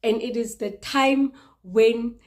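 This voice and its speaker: A woman in her thirties sharing a personal testimony in an earnest, halting way, with restarts and repeated words for emphasis. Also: on the high side, steady tone. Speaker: vlogger sharing personal experience.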